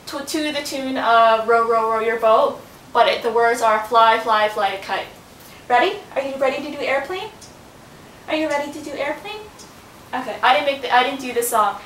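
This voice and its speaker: Woman doing a home workout vid in her bedroom, high chatty voice, kinda winded, echoey room w/ faint rumble. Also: a bit bright. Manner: chatty, talks to her baby in a sing-song voice. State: out of breath. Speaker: vlogger. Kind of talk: casual home fitness demonstration. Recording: roomy, from a distance with faint rumble.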